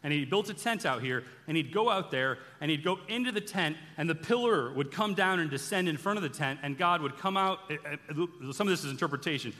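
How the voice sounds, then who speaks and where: Bright-voiced man preaching in a reverberant hall. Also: fairly high pitch, fairly quick, few pauses. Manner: animated storytelling, acting out the characters' quoted lines. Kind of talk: sermon-style bible teaching. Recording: long reverb from a large hall.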